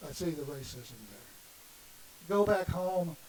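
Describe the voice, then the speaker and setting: A middle-aged minister from the Southern United States preaches an impassioned sermon full of emphatic rhetorical questions, his fairly high voice animated yet slow. He is in a congregation meeting room, captured by a distant mic with faint hiss.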